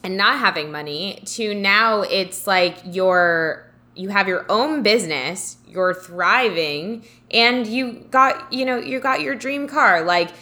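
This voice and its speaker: A woman co-hosting a casual podcast speaks encouragingly about spiritual ideas and often restarts her sentences. Her voice is medium-pitched and sharp in tone, with lively intonation and a slow pace.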